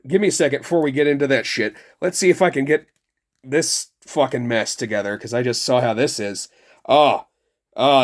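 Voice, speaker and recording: A middle-aged man hosting a toy review, talking in a rambling, sarcastic and heavily profane way. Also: on the high side. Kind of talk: casual ranting review.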